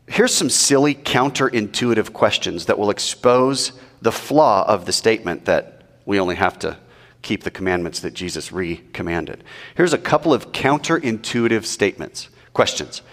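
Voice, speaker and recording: A man preaching in an animated, rhetorical way and asking the audience questions. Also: on the low side, normal speed, long reverb tail. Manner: animated, rhetorical, mock-quoting. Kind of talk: sermon.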